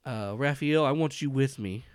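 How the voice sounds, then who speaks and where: A man playing a folksy old man with quiet menace. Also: medium pitch, normal speed, clear, resonant tone, no room sound, studio quality, voice pushed up, lightly acted. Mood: friendly.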